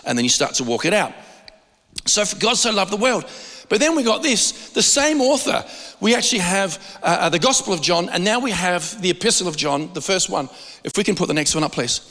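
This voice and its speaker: Male preacher, high voice, chatty sermon delivery with restarts and repeated words, hall reverb. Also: sharp tone. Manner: conversational, stumbles and repeats words, stretches key phrases.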